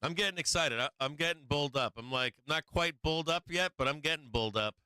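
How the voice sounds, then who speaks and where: Fast and fairly high-pitched, his pushed, bright voice comes through clear and resonant without any echo. He hosts a live stock market stream of casual trading commentary, speaking straight to viewers to coach and taunt them, brash and profane, rambling with frequent restarts and a steady stream of "right?".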